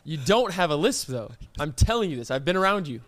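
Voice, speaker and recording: A young American man co-hosting a podcast in casual chat, animated and teasing, often laughing. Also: a little high, brisk. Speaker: podcast co-host.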